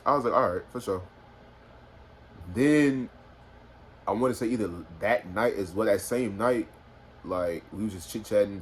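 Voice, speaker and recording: A man's voice: on the low side, slight background noise. A young man, telling a personal story casually on a phone, rambling with lots of fillers. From Houston, Texas. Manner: rambling, filler-heavy, animated retelling. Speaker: vlogger.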